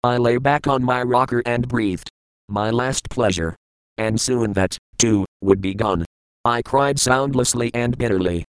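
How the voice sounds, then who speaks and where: Smooth, dry-voiced man narrating an audiobook. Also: mid-range voice, dry recording, rough recording. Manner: measured, reflective first-person reading.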